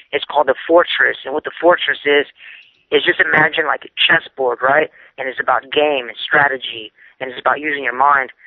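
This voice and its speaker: A man's voice: on the high side, no room sound. A man calling in by phone as an engineer and manager, rambling with many fillers. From San Francisco Bay Area. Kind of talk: phone-in update. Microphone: telephone. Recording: dry tinny phone line.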